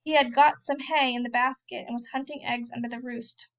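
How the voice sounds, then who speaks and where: A woman's voice: fairly high pitch, steady tone, brisk. A woman reading a first-person novel aloud in a plain storytelling way. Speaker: reader.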